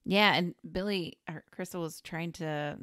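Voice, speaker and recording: A woman's voice: on the low side, a little slow, fairly bright tone, no echo, studio quality. A woman co-hosting a podcast, chiming in and laughing while discussing a movie plot. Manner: laughs often, chimes in. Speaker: podcast co-host. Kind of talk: casual film recap chat.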